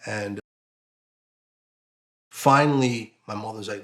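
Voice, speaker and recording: A man giving an emotional personal account as an interviewee, halting, with many fillers and restarts. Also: fairly low pitch, fairly bright tone.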